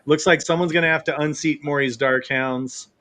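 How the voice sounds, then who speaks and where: A man's voice: fairly high pitch, fairly even intonation, moderate pace, fairly bright tone. A man hosting a casual podcast chat, playful and teasing, laughing often. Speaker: podcast host.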